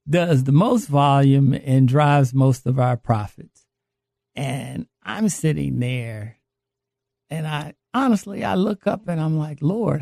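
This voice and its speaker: A man tells his faith testimony in an earnest, confessional way. He speaks slowly, in a mellow voice with a gravelly edge. The sound is dry and close. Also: a little high, no echo. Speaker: guest sharing a recovery testimony.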